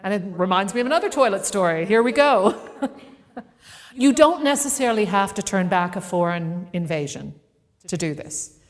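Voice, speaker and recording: A woman speaker telling a personal story to a live audience in a playful, animated way, acting out the voices in it. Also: mid-range voice, normal speed, long reverb tail. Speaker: keynote speaker. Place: event venue with a live audience.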